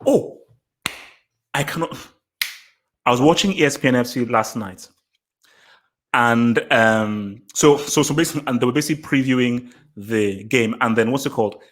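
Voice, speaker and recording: A man hosting a live football reaction stream, excitable, laughing often and repeating his words. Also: mid-range voice, moderate pace, long pauses. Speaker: football channel host.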